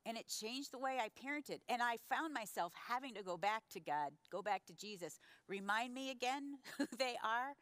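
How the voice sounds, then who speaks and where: A woman's voice: a little high, normal speed, few pauses, no room sound. Older lady telling a church story, voice jumps all over, dry close sound. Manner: animated storyteller, acts out voices. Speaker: pastor's wife, co-speaker. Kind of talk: conversational sermon storytelling.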